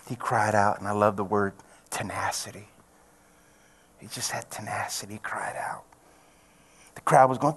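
An older man, a pastor preaching a sermon and telling his own testimony, dropping to hushed near-whispers and rising to loud cries. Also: medium pitch.

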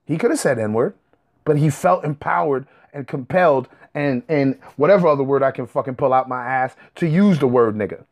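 A man's voice: medium pitch, moderate pace. A young man talking straight to his audience in a heated, profane, combative rant. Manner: profane, combative, rising to angry outbursts. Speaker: commentator.

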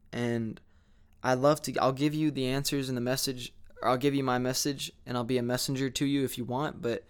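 Young male vlogger, smooth clear voice, medium pitch, rambling candid self-reflection with lots of restarts. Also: flat delivery, brisk. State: sleepy, yawning.

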